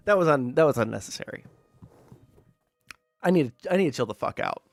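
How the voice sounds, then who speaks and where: A man's voice: mid-range voice, lively intonation, fairly quick, gravelly, pauses often, no echo. A young man live-streaming casual chat while gaming, swearing constantly and ranting heatedly with self-mocking asides.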